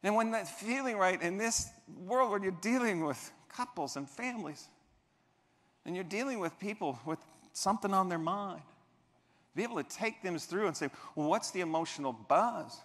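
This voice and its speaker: A man's voice: sits high, moderate pace. A man giving a motivational keynote on a convention stage, telling stories and acting out the people in them. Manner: animated, acts out quoted voices. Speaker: keynote speaker. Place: large convention hall stage. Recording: reverberant convention hall.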